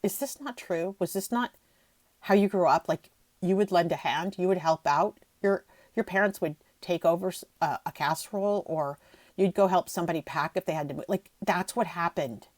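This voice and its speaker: Middle-aged female podcast host, heartfelt and rambling, lowish voice, dry booth sound. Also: normal speed, a little mellow, dry recording. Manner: emotional, gushing, voice catching near tears; rambling with frequent restarts. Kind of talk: emotional solo podcast talk.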